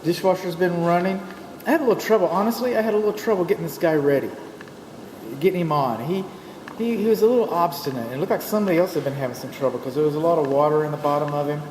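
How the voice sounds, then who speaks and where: A man with a Texan accent, a home inspector giving a folksy, chatty walkthrough with joking asides. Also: fairly high pitch. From Texas. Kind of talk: walkthrough narration to a client. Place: empty new house interior. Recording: echoey empty rooms, steady background noise.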